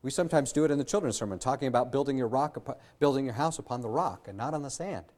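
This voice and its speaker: Man, pastor, earnest sermon, mid-pitched voice, frequent fillers and restarts. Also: rapid-fire, a little mellow.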